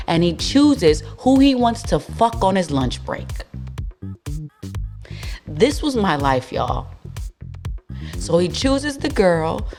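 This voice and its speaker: A young woman hosting a podcast tells a story in a blunt, slangy, animated way. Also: mid-range voice. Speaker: podcast host. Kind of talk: casual storytelling monologue.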